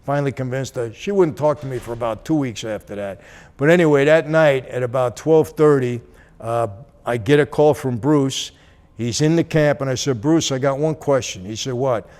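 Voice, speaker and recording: Animated man telling a story. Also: mid-range voice, normal speed. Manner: animated, acts out dialogue. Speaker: channel host. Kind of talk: casual storytelling.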